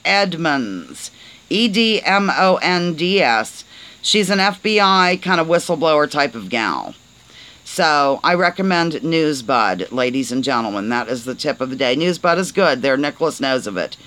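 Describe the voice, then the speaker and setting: A woman's voice: lowish voice, fairly bright tone, rough recording. A woman hosting a casual live stream, chatty and playful, often stumbling over words and asking her viewers to help. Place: on a porch, outdoors.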